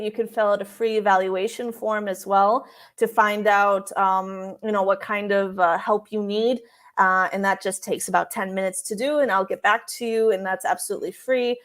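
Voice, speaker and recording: A woman's voice: medium pitch, fairly even intonation, moderate pace. A woman interviewed as a career coach for expats, talking casually with frequent restarts and filler words.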